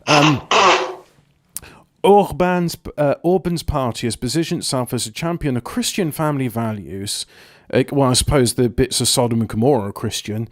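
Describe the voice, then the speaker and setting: A man's voice: medium pitch, normal speed, no room sound, clean studio sound. A man hosting a casual comedy podcast, reading news stories aloud with sarcastic asides and swearing.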